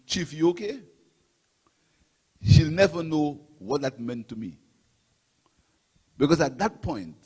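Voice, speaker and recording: Husky-voiced Saint Lucian political speaker. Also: male voice, on the high side, long reverb tail. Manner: impassioned, repetitive oratory with rising and falling emphasis. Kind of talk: political rally speech.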